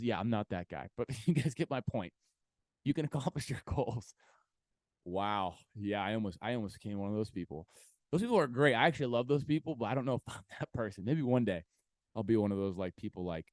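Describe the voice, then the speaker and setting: A man's voice: fairly low pitch, expressive, quick pace, a little mellow, no echo, clean studio sound. Rambling, hyped-up male podcast host. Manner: rambling, swears, lots of fillers, hyped bursts. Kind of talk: casual solo podcast pep talk.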